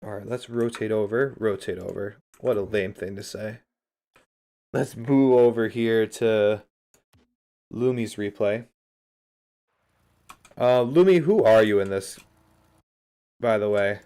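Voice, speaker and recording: A man's voice: fairly low pitch, takes it slowly, pauses often, warm tone. A man casually talking through a game replay on a livestream, chatting straight to his viewers and answering their messages in an upbeat, encouraging way. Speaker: streamer and game coach.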